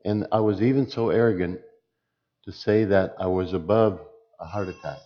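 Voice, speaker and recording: A man who is a church deacon giving a personal testimony, speaking slowly and deliberately. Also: deep voice, muffled recording. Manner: slow, deliberate speech.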